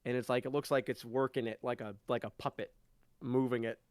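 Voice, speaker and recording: A man's voice: mid-range voice, flat delivery, fairly quick, darkish tone, clean tone, dry recording. A man running a tabletop game as game master, narrating loosely with lots of fillers and frequent laughter.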